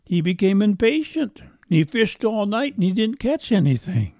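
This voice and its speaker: A man's voice: high voice, sing-song, moderate pace, warm tone, no echo, studio quality. A man preaching a sermon, retelling a story in a folksy way and repeating phrases for emphasis.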